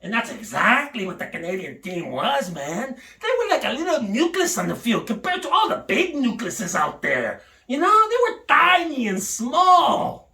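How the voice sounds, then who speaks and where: A woman's voice: a little high, very animated, moderate pace, bright, forceful tone. A woman delivering a mock-indignant comic rant in an exaggerated, theatrical way. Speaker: comedic commentator. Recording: echoey room, mic at a distance.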